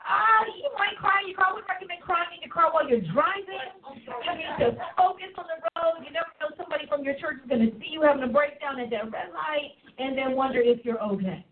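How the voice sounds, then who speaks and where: High-voiced woman hosting on a tinny line. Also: a little fast. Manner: exuberant, preachy, laughing. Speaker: host. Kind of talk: lively live show chat. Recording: tinny phone-like sound.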